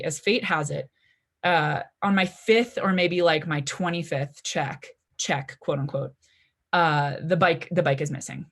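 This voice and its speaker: In her twenties, a woman with a fairly low, slightly bright voice shares a personal story at a live story slam. She speaks chattily, sprinkling in plenty of "like" and "you know." It takes place on a library event stage in front of an audience.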